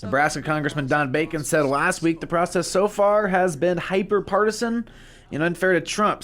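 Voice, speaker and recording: A man reporting the news in a measured, formal delivery. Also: on the high side.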